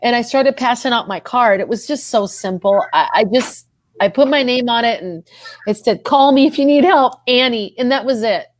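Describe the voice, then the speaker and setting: An earnest woman gives a heartfelt personal testimony on a podcast. Her voice sits a little high and climbs further as she is moved, and she circles back over her own words. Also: normal speed, no echo. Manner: earnest, repeats herself, voice rises when moved. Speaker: podcast guest.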